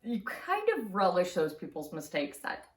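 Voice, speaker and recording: A woman telling a true story in a casual storytime vlog, chatty and quick to laugh, recorded in an echoey room. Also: lowish voice, wildly swooping pitch, recorded from a distance. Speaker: craft channel host. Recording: roomy echo.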